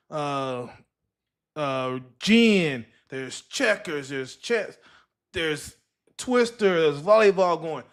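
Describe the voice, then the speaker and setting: A man hosting a podcast alone, telling a rambling story full of filler words. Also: high-pitched. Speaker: podcast host. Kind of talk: solo podcast talk. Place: live streaming setup.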